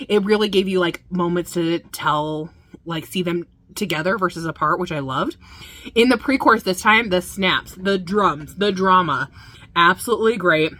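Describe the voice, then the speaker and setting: A woman's voice: lowish voice, moderate pace, bright, forceful tone, no echo. A woman hosting a music video reaction, talking casually and gushing with enthusiasm, full of fillers.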